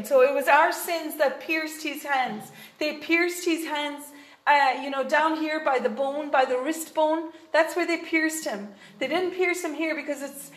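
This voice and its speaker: High-voiced woman preaching in an echoey room. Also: fairly bright tone. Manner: earnest, with many fillers and restarts. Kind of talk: sermon.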